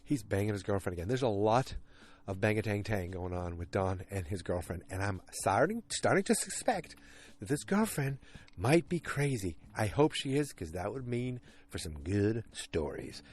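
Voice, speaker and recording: A man's voice: on the low side, very animated, normal speed, darkish tone, a little hiss or hum. Male podcast host, casual solo recap, rambling and filler-heavy. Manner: rambling, chatty, many fillers.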